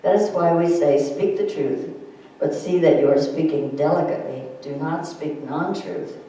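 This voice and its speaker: A woman gives an informal spiritual talk to a small gathering. Her manner is gentle and chatty, and she laughs easily at her own anecdotes. The recording sounds strongly echoey, with the mic picking her up from well across the room. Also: low voice, normal speed, recorded from a distance. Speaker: speaker giving a spiritual thought. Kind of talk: informal talk to a group, reading a quote aloud. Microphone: distant room mic.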